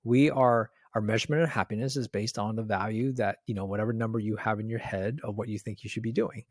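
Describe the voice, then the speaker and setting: Canadian man, chatty and animated. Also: fairly low pitch, fast talker, no room sound, clean studio sound. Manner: animated storyteller, mimics people, laughs often. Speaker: podcast co-host. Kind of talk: casual chat.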